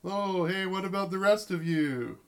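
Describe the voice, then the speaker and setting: A man's voice: high voice, normal speed, fairly bright tone, clear, resonant tone, pitched above the performer's own voice. Flirty bathtub guy, as a game master puts him on. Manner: breezy, flirty.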